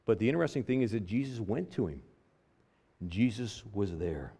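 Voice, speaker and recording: A man's voice: lowish voice, animated, moderate pace, creaky, warm tone, breathy edge. A man preaching a sermon, driving points home by repeating phrases. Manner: emphatic preaching with stacked repetitions.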